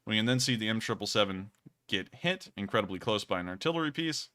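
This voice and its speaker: A young man talks through war news on his live stream. His voice is bright and forceful, and he speaks loosely and conversationally, often correcting himself mid-sentence. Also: fairly low pitch, animated, quick pace. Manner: conversational, self-correcting, says y'all. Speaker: war news livestream host. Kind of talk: casual live-stream commentary over maps and footage.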